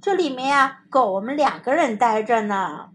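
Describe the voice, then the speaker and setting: A woman's voice: on the high side, animated, normal speed, slight background noise, natural voice. A woman voicing an easygoing male turtle in a children's storybook, in a plain, matter-of-fact manner.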